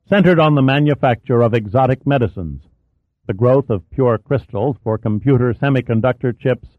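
A man reading a novel aloud as narrator, in an even, clear storytelling manner. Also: medium pitch, no room sound. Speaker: audiobook narrator. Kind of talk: scripted narration. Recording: dry, thin phone-like audio.

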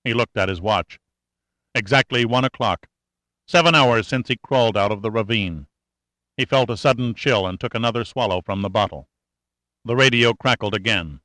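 A man narrating an audiobook thriller in a steady, tense storytelling manner. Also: fairly low pitch, normal speed, dry recording, studio quality. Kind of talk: scripted narration.

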